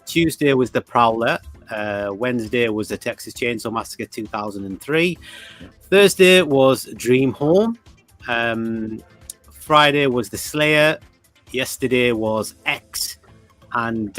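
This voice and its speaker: A man's voice: medium pitch, a bit bright, faint music behind. A man co-hosting a casual livestream, reading out viewer comments and greeting people in chat. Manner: chatty, greets viewers, quick bursts. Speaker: livestream co-host.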